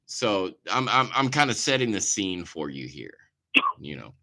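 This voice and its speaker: A man hosting a casual podcast, his voice bright and forceful. His pitch jumps around a lot as he rambles through a story, dropping swear words along the way. He sounds like an easygoing, hyped-up talker. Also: measured pace. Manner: animated, rambling storyteller with profanity and hype ad reads. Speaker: podcast host.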